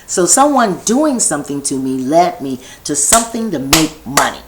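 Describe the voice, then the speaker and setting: A woman's voice: sits low, big pitch swings, normal speed, heavy background noise. A woman vlogger talking in a meandering personal monologue from her home set, restarting her thoughts and drifting into chatty asides.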